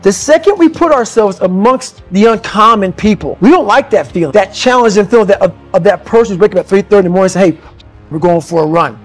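A man delivers a blunt, intense motivational talk in a fairly high voice. He swings from low, brooding stretches to loud, fired-up bursts. Faint music plays underneath the clips. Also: lively intonation, quick pace, few pauses. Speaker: motivational speaker. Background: motivational background music.

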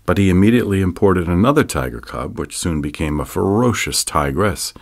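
A man narrating an audiobook in a measured, deliberate reading. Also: low voice, lively intonation. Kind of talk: scripted narration.

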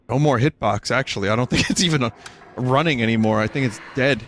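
A man's voice: medium pitch, fast, fairly bright tone, soft background music. A man streaming a horror game, giving casual commentary in a joking, self-mocking, rambling way. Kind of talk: casual let's-play commentary.

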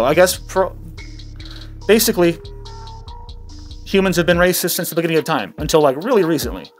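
A man with a notably high voice hosts his comedy commentary channel. He rambles through his points, stumbling and restarting sentences as he goes, with faint music under him.

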